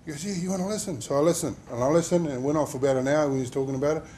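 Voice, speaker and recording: A man's voice: mid-range voice, fairly even intonation, racing, mellow, a little hiss or hum. A man telling an emotional personal story in a workplace safety talk. He rambles and uses many fillers as he speaks. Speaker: injured worker sharing his story.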